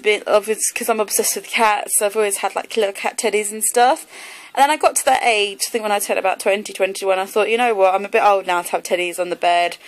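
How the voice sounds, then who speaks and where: A woman's voice: mid-range voice, low-quality recording. Girl in her 20s doing a casual haul vlog, rambly, lots of ums and likes. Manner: chatty and rambling, many fillers like um and like. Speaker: vlogger.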